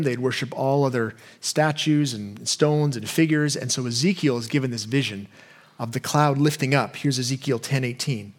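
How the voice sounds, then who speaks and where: A man preaching a sermon as a pastor in an earnest way, acting out imagined questions to God and going soft and low on key points.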